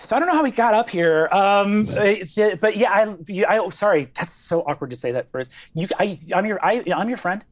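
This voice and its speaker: A woman's voice: medium pitch, expressive, brisk, hardly any pauses, close to an everyday voice. A woman voicing a nervous, eager teenage girl who stumbles and restarts as she speaks. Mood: flustered. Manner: flustered, stumbling, restarts often.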